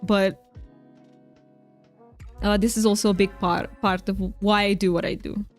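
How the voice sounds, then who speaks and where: A woman's voice: mid-range voice, flat delivery, measured pace, soft background music. A woman from Romania chatting with viewers while she streams a game. She plays up her Romanian accent for fun, talks kindly to chat and laughs easily. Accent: Romanian, played up for fun. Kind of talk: casual live-stream chat while gaming.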